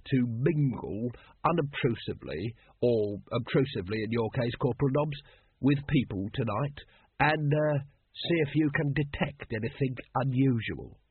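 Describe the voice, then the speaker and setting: A weary, harried middle-aged watch captain, read by a man in a storybook, who talks slowly and reluctantly. The voice is deeply husky and dry. It comes through thin, like a phone call. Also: lively intonation, no echo. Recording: dry, phone-like narrow sound.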